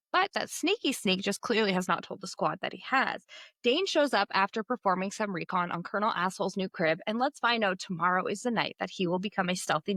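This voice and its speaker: A woman's voice: mid-range voice, fairly bright tone, no room sound. Woman podcast co-host, chatty recap voice, laughs at her own slips, dry close mic. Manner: giggly, self-deprecating, stumbles over words. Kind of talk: casual book-club chat.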